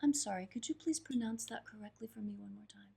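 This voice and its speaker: A woman voicing a humble old male guru in a soft whisper while telling a parable. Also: fairly high pitch, fast, vocal fry, breathy edge, exaggerated voice.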